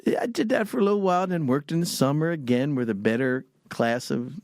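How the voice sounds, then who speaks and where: A man's voice: a little high, fast talker, darkish tone, dry recording, studio quality. A man in his sixties from Pennsylvania, a podcast guest telling rambling anecdotes with frequent chuckles. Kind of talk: casual storytelling.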